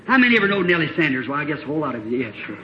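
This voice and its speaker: A man preacher telling a story in a folksy, plain-spoken sermon that builds to shouts, on a dull lo-fi old tape. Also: on the high side, very animated, rapid-fire, slight background noise.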